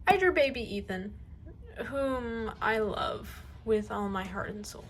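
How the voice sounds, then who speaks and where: A woman's voice: mid-range voice, a little slow, a little hiss or hum, low-quality recording. A woman giving a casual tour of her sketchbook, gushing and rambling, often trailing off into mumbles. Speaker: artist showing her sketchbook.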